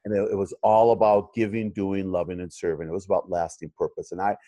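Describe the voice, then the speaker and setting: A man's voice: sits low, little pitch movement, quick pace, mellow, no room sound. Rambling middle-aged man, dry sound. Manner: rambling, many fillers and restarts. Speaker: chiropractor and practice coach. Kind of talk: casual interview conversation.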